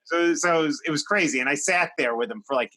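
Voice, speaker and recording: 50s guy host rambling thru a story, bright sharp voice, lots of likes and restarts. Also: fairly high pitch, quick pace. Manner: chatty, anecdotal, with frequent fillers and restarts. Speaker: talk show host. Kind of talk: animated storytelling. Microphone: live stream microphone.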